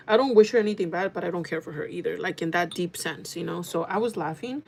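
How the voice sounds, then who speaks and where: Animated, gossiping woman in her thirties. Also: fairly low pitch, quick pace, vocal fry. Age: 30s. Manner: animated gossiping with frequent swearing and laughter. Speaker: vlogger. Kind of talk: casual storytelling.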